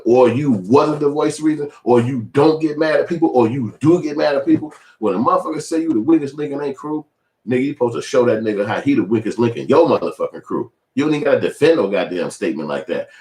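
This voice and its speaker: A man in his forties giving casual, profane commentary, animated and switching into high mimicking voices. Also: quick pace, echoey room. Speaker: video commentator.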